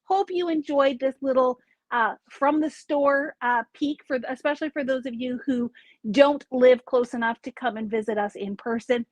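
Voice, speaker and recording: A woman's voice: high-pitched, moderate pace, no room sound. A woman hosting a casual live product showcase from a craft store, chatty and upbeat, with small asides as she lists items.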